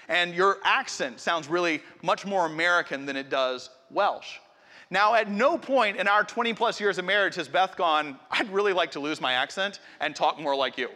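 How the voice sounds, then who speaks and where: A middle-aged pastor with a high-pitched, sharp voice preaches a sermon, talking straight to his congregation in an earnest, conversational manner. A long hall reverb surrounds the recording.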